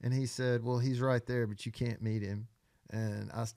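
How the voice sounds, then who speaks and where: Gravelly man telling stories. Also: mid-range voice, flat delivery, moderate pace, mellow, no echo. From Arkansas. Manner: loose, profane, rambling storyteller. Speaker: guest songwriter. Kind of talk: casual podcast storytelling.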